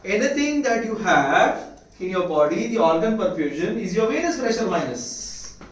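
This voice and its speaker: A man's voice: high-pitched, big pitch swings, moderate pace. A man with an Indian accent giving a medical lecture, constantly quizzing his students with rhetorical questions. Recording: echoey room, mic far off, faint hiss.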